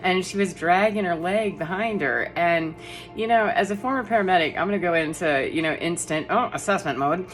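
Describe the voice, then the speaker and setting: A woman's voice: lowish voice, fairly quick. A middle-aged woman telling a personal story in a rambling, casual monologue, laughing often between fillers. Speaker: energy healer vlogger.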